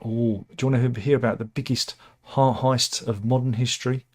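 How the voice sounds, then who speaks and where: A man's voice: mid-range voice, fairly even intonation, moderate pace, darkish tone. Uk guy chatting through the news, dry sarcastic quips, lots of restarts. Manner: wry, sarcastic asides with restarts. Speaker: host reading the news. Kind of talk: casual news chat.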